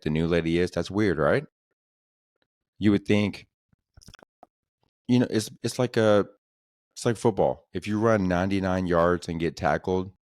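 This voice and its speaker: A man's voice: deep voice, darkish tone, dry recording. A man hosting a podcast, telling comedic stories in a casual, profane, slangy way that keeps coming back to "dude". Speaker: podcast host.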